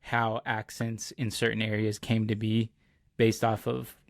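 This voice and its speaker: A man's voice: fairly low pitch, monotone, a little slow, creaky, no room sound, clean studio sound. A young man hosting a podcast, chatting casually and rambling as he searches for words with lots of fillers. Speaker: podcast host. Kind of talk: casual chat.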